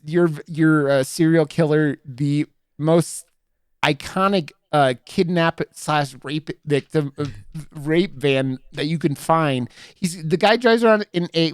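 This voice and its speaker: A man's voice: a little high, clear, resonant tone, no room sound, studio quality. A man co-hosting a horror podcast, chatting casually about a film and often restarting his sentences with fillers. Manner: rambling, full of fillers and restarts. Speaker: podcast co-host. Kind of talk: casual movie review chat.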